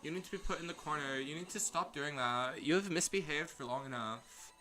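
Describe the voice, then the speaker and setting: A man chatting through a blind game playthrough, rambling and animated as he goes off on tangents. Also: on the high side, fairly quick. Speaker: game streamer. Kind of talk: casual gameplay commentary.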